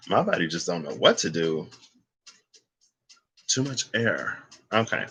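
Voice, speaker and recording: A man's voice: deep voice, sing-song, unhurried, pauses often, a bit bright, husky, poor audio. A man giving a casual, rambling tarot reading, thinking aloud with asides and bursts of laughter. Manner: laughs and exclaims between points. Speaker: tarot reader.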